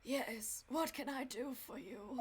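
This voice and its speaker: A woman's voice: slow pace, background noise. Woman putting on a weak, sickly male inspector. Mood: gloomy. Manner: weak, low and mumbling. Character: sickly male undercover police inspector, sullen and gloomy.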